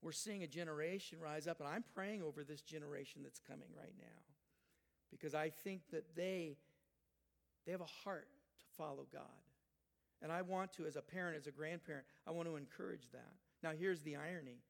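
Older male pastor, high emphatic voice. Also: fairly quick, vocal fry. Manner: emphatic, rising loud when quoting, dropping soft for asides. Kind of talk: sermon.

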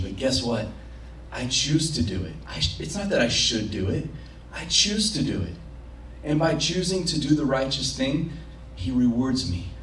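A man's voice: medium pitch, a little hiss or hum. A man preaching a sermon as pastor, passionate and acting out prayers and imagined quotes, recorded in a church. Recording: roomy, from a distance.

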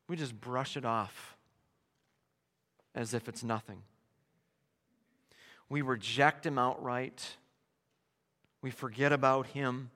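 Animated preacher in a reverberant hall. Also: male voice, mid-range voice. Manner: animated, emphatic preaching with hushed mock whispers and sudden loud shouts. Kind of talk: sermon.

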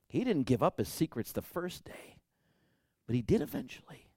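A man preaching a sermon, swinging from loud emphasis to whispers and building repeated calls to action. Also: a little high, huge pitch swings, moderate pace, gravelly, no room sound, studio quality. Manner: repetitive exhortations. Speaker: pastor.

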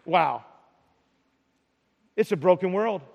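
A man's voice: high-pitched, expressive, slow pace, creaky, a little mellow. A middle-aged man preaching a sermon as pastor, talking in a conversational way, often repeating words and tagging lines with "right?". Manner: conversational preaching with repetitions and tag questions. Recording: large hall reverb.

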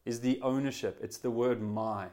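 A man preaching a sermon as pastor, earnest and conversational, often restarting phrases and swinging between loud and hushed emphasis. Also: mid-range voice, fairly even intonation, normal speed. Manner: voice swells then drops to quiet emphasis.

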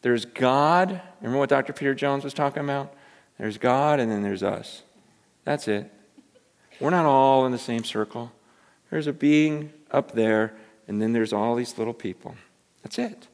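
A male pastor preaching a sermon, swinging between loud emphasis and hushed asides and repeating words as he builds his points. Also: mid-range voice, moderate pace. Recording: long reverb from a large hall.

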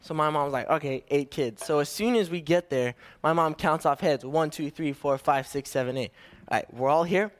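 A man's voice: a little high, moderate pace. A young man giving his first sermon to a church, telling a family story in a casual, slightly nervous way with restarts. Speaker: young preacher.

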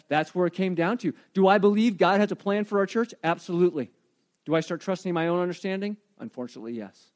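A man preaching a sermon as pastor, telling stories with animated swings and dropping to a quiet voice for emphasis. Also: a little high.

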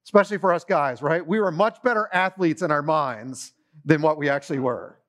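Conversational preacher, higher-pitched man. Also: brisk, fairly bright tone. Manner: conversational preaching, asks the audience questions. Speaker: pastor. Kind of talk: sermon.

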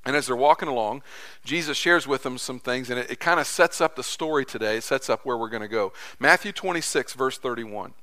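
Bright-voiced conversational preacher man. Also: mid-range voice, fairly quick. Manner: conversational, repeats phrases for emphasis. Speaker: pastor. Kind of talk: sermon.

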